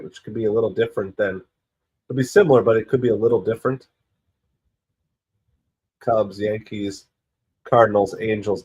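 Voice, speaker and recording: Hoarse and stuffy from a cold, a man hosts a laid-back live stream, chatting casually through the game play by play. He wanders between stats and plays and gets worked up over close pitches, all in lo-fi sound.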